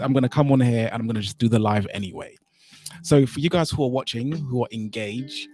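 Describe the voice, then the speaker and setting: Fiddling with his settings, this livestream host from Saint Kitts and Nevis rambles and thinks out loud in a relaxed broadcast. He has a slightly mellow, mid-range male voice, with faint music in the background.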